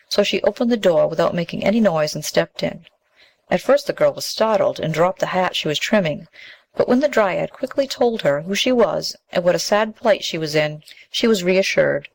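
Woman narrator, fairy tale reading, fairly low voice, measured, expressive. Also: vocal fry, low-quality recording. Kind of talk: storybook reading.

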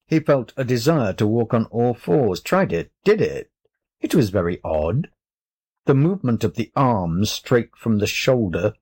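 A male narrator reading a storybook aloud at a slow, unhurried pace. His delivery is measured and deliberate, in a middle pitch. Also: darkish tone.

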